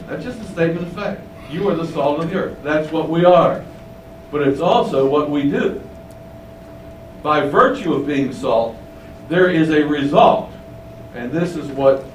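Male preacher, slightly high voice, deliberate emphatic teaching, roomy echo, a step off the mic. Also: recorded from a distance, a little hiss or hum. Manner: slow, emphatic teaching with rising stresses. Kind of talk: sermon.

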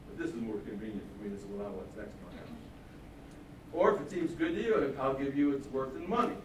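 A man's voice: mid-range voice, lively intonation, fast talker, recorded from a distance, background noise, close to an everyday voice. A man voicing a sulky, covetous king who talks in a wheedling, petulant way. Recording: echoey hall, mic from afar.

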